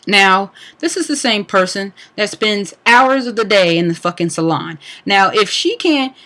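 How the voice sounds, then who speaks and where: A man's voice: high-pitched, expressive, a little slow, bright, forceful tone. A young man giving an angry, profane personal rant on a livestream, full of fillers and restarts. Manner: profane, heated, frequent fillers. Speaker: speaker on a livestream talk.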